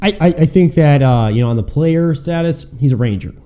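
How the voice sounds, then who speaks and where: A man, a guest on a casual podcast, telling stories in a lively way with frequent laughs and many fillers. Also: on the high side, brisk. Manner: animated storyteller, laughs often, many fillers and repeats. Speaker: guest, sports fan.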